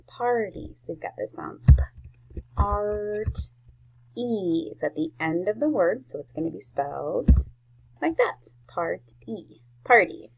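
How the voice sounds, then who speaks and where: A woman teaching a spelling lesson to young children, slowly sounding out each word. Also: lowish voice, big pitch swings, low-quality recording. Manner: slow, clear sounding-out of words. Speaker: first grade teacher.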